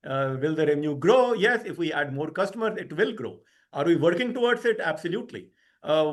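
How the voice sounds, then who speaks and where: A man, a company executive, answering investor questions on a call in a measured way, with many pauses and fillers. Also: high-pitched, a bit bright.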